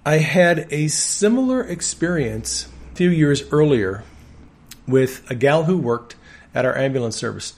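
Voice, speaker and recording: A man's voice: a little high, animated, unhurried, a little mellow. Earnest man preaching through testimonies. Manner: earnest storytelling with firm conviction. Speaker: preacher and ambulance worker. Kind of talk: sermon with personal testimony.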